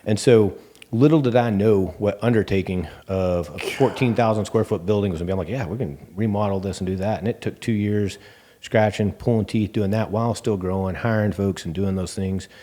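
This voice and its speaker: A Texan man with a low, mellow voice, speaking as a guest in a relaxed interview. He tells his stories lively and plays out every conversation in his own voice, sprinkling in plenty of ums and you-knows. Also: fairly quick. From Texas Panhandle. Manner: animated, acts out quoted dialogue with many fillers. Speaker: bank CEO, guest. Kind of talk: casual interview storytelling.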